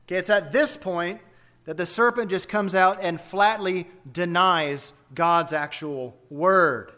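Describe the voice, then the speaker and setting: A man's voice: high voice, takes it slowly, bright, forceful tone. A man preaching an expository sermon, emphatic and full of rhetorical questions.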